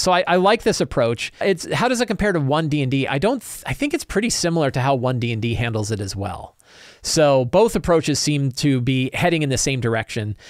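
A man's voice: mid-range voice, no room sound, studio quality. A man hosting a tabletop role-playing talk show, giving casual solo commentary in a chatty, opinionated way with frequent restarts.

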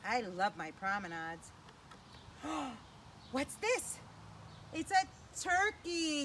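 A woman's voice: high-pitched, sing-song, very slow, pauses often, fairly bright tone, slight background noise. A woman hosting a children's sing-along lesson in a playful, sing-song way, asking young listeners questions. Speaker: children's program host.

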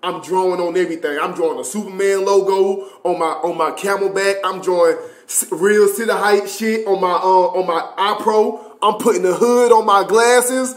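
A young man telling a story in a casual, animated, profane way with lots of slang and fillers. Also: high-pitched, normal speed, few pauses. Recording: roomy echoey room.

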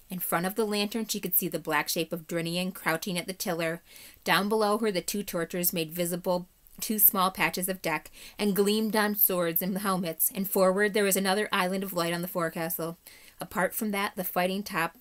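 A woman, a third-grade teacher, reading a chapter book aloud in a steady, measured way. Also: on the low side.

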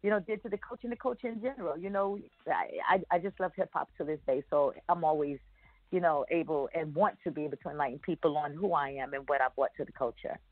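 A woman's voice: low-pitched, fast talker, no echo. Chatty woman on a tinny phone line. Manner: rambling, many "you know" fillers and restarts. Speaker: guest rapper. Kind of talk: casual radio interview.

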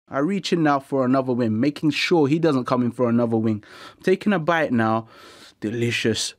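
A young man telling a comic story in an animated, slangy, conversational way. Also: mid-range voice, brisk. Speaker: comedic storyteller. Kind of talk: comic monologue narration.

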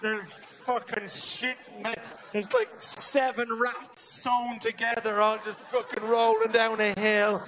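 Man, Dublin Irish accent, high voice, stand-up comedy, energetic, sweary, keeps asking right. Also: slow, hardly any pauses, slight background noise. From Ireland. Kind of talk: live stand-up routine. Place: comedy stage.

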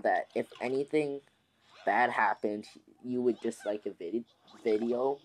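A man's voice: mid-range voice, slight background noise. A man hosting his own gaming channel, chatting casually to viewers in a rambling way with many restarts and fillers. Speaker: gaming YouTuber host. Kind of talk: casual let's-play commentary.

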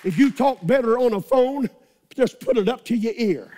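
A male pastor with a strikingly high voice delivers a sermon. He preaches with fire, shouting repeated refrains to rouse the congregation. He sounds middle-aged. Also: moderate pace, some chatter behind.

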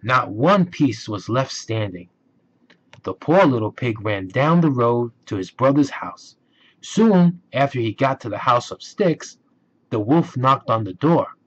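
A man reading a children's storybook aloud, slow and expressive. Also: mid-range voice. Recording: dull lo-fi recording.

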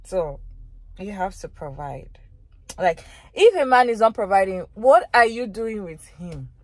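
A woman's voice: mid-range voice, sing-song, measured pace, no room sound. Emphatic woman vlogger reacting. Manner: emphatic, repeats phrases for effect. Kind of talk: reaction commentary.

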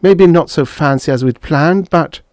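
Man putting on a gentle, decisive young wife. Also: fairly high pitch, normal speed, no echo, studio quality, pitched above the performer's own voice, lightly acted. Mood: tender. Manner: soft and steady.

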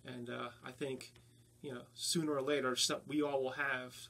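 Bright-voiced North Jersey man. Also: mid-range voice, flat delivery, creaky. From New Jersey. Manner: measured, halting, with many fillers. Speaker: paranormal investigator guest. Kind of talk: casual interview talk.

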